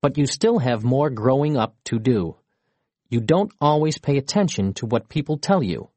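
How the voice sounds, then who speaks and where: A kindly mother speaking softly to her son in a children's storybook, as a male reader gives her voice. The delivery is lively and full of melody, with a slightly husky edge, recorded close and dry. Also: mid-range voice, normal speed, dry recording, lightly acted. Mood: gentle. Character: kind, gently teasing mother.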